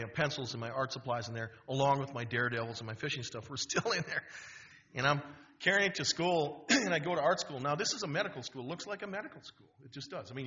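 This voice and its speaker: Animated storytelling man in his fifties. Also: medium pitch. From Wisconsin. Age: 50s. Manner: animated, humorous, full of restarts. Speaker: guest speaker. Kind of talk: storytelling talk. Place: university auditorium. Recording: dull auditorium recording.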